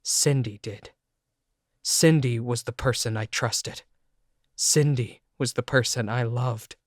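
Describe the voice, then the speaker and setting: A man's voice: medium pitch, steady tone, slow, dry recording. A man reading a first-person audiobook in an intense, emotional way, close to the mic. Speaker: audiobook narrator. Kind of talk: scripted first-person narration.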